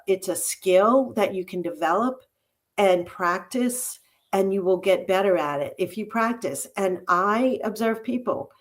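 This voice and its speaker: A woman who coaches and speaks in public, answering interview questions in a thoughtful way with many "um" pauses. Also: medium pitch. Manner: thoughtful, uses many "um" fillers, tells stories about herself. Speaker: podcast guest, coach and speaker. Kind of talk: casual interview conversation.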